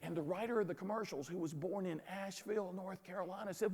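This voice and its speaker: A man with a Southern American accent telling a lively story to an audience, acting out the dialogue as he goes. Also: high-pitched, very fast, big-room sound. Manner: animated, plays out dialogue in the story. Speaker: speaker. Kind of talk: storytelling keynote talk.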